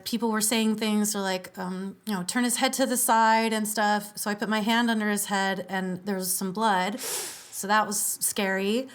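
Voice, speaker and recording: A woman's voice: medium pitch, steady tone, normal speed. A woman, a podcast guest, telling a story in casual conversation, chatty with many fillers and easy laughs.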